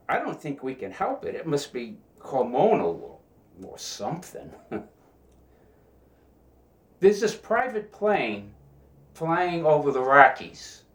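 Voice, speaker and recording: Guy telling jokes, lively up-and-down voice, echoey room. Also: medium pitch. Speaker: joke teller. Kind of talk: casual joke telling. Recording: roomy echo.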